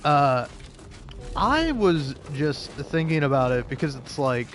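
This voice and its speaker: A man's voice: a little high, very animated, slow, soft background music. A young man casually telling a rambling story while playing a game, often restarting his sentences, laughing and swearing. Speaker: gaming video creator.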